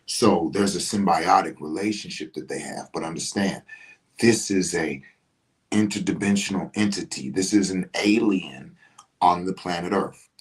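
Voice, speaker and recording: A man hosting a casual spiritual talk, speaking in an animated, slangy way, swearing and often asking "you know what I'm saying". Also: deep voice, normal speed, low-quality recording. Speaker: podcast host.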